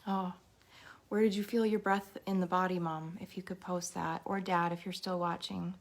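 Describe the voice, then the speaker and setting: Gentle woman guiding a meditation. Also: fairly low pitch, level tone, moderate pace. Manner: gentle, encouraging, speaks to viewers directly. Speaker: meditation guide. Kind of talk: live guided meditation and mindfulness talk.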